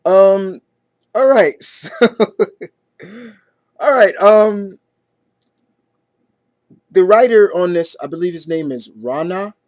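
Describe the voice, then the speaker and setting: A man's voice: sits high, expressive, slow pace, pauses often, a little mellow, no echo. Rambling man reviewing comics, dry sound. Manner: rambling, stumbling retelling with many fillers.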